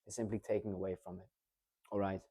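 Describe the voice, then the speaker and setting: Dark-voiced man coaching public speaking. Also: low-pitched, fast, breathy edge. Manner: energetic, demonstrative, checks in with the listener often. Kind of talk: casual instructional talk.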